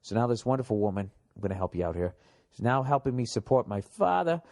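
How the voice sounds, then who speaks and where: A middle-aged man ranting to his listeners in a loose, profane way. His voice sits at an ordinary middle pitch. He breaks off into mocking asides while reading letters aloud. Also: big pitch swings, quick pace, creaky, a little mellow. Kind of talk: casual rant and letter reading.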